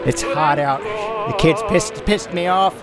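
A player in a tabletop game telling an action in an animated, play-by-play way. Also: medium pitch, measured pace, loud music behind the voice.

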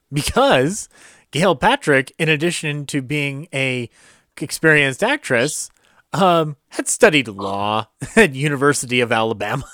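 A man's voice: mid-range voice, fairly bright tone, no echo, studio quality. A man co-hosting a casual podcast chat, who laughs often and restarts his sentences. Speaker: podcast co-host.

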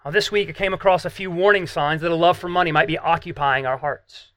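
A man's voice: on the high side, steady tone, fast talker, bright, forceful tone, dry recording. A man preaching a sermon as pastor, earnest and emphatic, asking the listeners rhetorical questions.

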